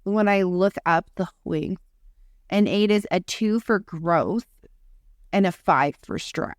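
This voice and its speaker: Low-voiced woman, casual podcast chat. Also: takes it slowly, no room sound, clean studio sound. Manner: chatty, swears casually, reads lists aloud. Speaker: podcast co-host.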